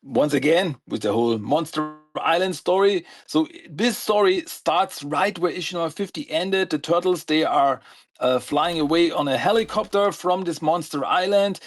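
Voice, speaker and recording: Higher-voiced man recapping comics casually. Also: normal speed. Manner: rambling plot summaries full of "uh" and "like". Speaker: podcast co-host. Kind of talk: casual comic review chat.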